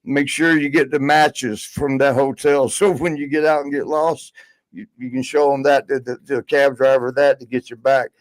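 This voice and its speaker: A man's voice: medium pitch, steady tone, moderate pace, no echo, low-quality recording. A man telling a long road story in casual podcast chat, rambling with many fillers. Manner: rambling, lots of fillers and laughs. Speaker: podcast guest.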